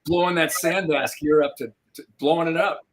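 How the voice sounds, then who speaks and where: A man's voice: a little high, steady tone, moderate pace. A man hosting a casual chat, chiming in with short remarks. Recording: crowd noise behind.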